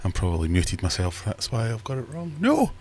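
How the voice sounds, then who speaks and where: Chatty man, lively pitch. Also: a little fast, husky. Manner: chatty, jokey, self-mocking. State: a bit out of breath. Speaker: livestream host. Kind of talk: casual live chat. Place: home fish room.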